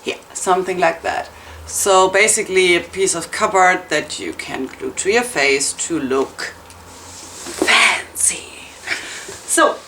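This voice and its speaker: A woman hosting a casual crafting tutorial at home, rambling, chatty and self-mocking as she works. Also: mid-range voice. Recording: roomy, distant, noisy home recording.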